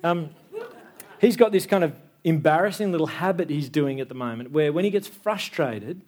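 A man's voice: a little high, moderate pace, a little mellow. A man in his thirties preaching a sermon in a church, talking in a conversational way and checking in with the listeners. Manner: conversational, tag questions like "yeah?". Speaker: pastor.

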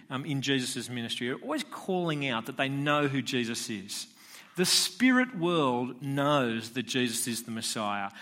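A man's voice: on the high side, a bit bright. A man preaching a sermon in a conversational style, posing rhetorical questions to his listeners. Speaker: pastor.

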